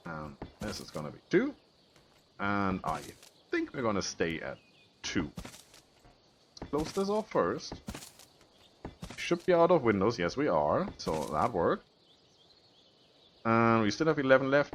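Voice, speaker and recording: Guy with as rambling over his building game, laughs at himself a lot, voice jumps all over, a bit of hiss behind. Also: medium pitch. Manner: rambling, self-mocking, chuckles often. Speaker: gaming video host. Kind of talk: casual let's-play commentary.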